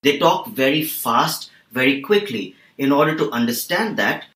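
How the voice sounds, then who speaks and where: A man working as a voice and accent trainer, explaining calmly and steadily in a podcast interview. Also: medium pitch, roomy sound, rough recording. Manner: calm, measured explainer.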